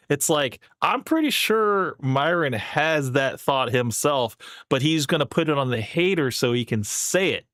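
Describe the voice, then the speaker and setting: A man's voice: on the high side, animated, moderate pace, few pauses, a bit bright, no echo, studio quality. A young man casually commenting on a clip he is watching, rambling and laughing often. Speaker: streamer reacting to clips.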